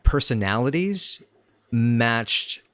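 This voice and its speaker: A man's voice: medium pitch, animated, takes it slowly, a bit bright, no room sound. A man co-hosting a podcast, chatting casually and enthusiastically, thinking aloud and rephrasing as he goes. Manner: thoughtful, enthusiastic, circles back on phrasing. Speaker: podcast co-host. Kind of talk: casual chat reviewing a sitcom episode.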